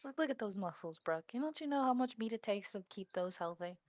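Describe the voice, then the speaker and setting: A woman in a tabletop game teases the others in playful banter. Her voice sits mid-pitch, dry and a little dull, as if on lo-fi audio. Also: lively intonation, fairly quick, a little mellow, no room sound. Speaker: player. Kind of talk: tabletop role-play.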